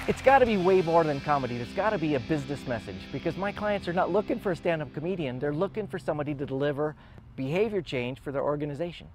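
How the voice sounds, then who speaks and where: A man giving a comedic motivational keynote on stage, animated and playful. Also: a little high, fast, a crowd in the background. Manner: animated and playful, acting out funny voices. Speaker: motivational speaker. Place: large event hall on stage. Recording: echoey hall with music underneath. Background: music.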